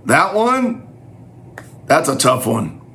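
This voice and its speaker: Man putting on a casual buddy-like God, slangy, sympathetic, quieter, slightly distant. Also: on the high side, sing-song, slow, full character voice. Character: God as a laid-back, chummy male friend.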